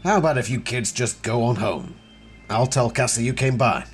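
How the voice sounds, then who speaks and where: A man voicing a patient middle-aged veterinarian father who turns quietly stern. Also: mid-range voice, lively intonation, normal speed, slight background noise, natural voice.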